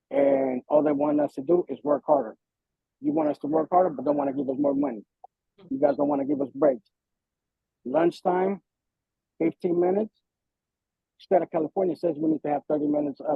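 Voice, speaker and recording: A man speaks at a public board meeting, frustrated and emphatic as he presses his complaint. His voice is rough and gravelly with a husky edge, and it swings widely in pitch. It comes through a thin, phone-like channel. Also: no echo. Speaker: bus operator giving public comment. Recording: tinny phone-like sound.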